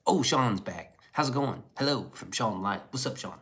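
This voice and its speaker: A man's voice: mid-range voice, animated, moderate pace, fairly bright tone. A man streaming live, reading chat messages aloud and riffing on them in loose, profane, casual talk.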